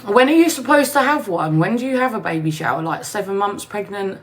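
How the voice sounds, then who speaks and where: A woman's voice: medium pitch, expressive, brisk, few pauses. Woman, casual live-stream chatter, answers comments as she rambles, phone mic at home. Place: new home, indoors.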